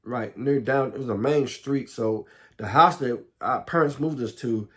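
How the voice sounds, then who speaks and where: Halting middle-aged Southern man. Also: mid-range voice, a bit bright. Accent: Southern American. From Southern United States. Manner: halting, repeats words, frequent restarts. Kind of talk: personal life story monologue.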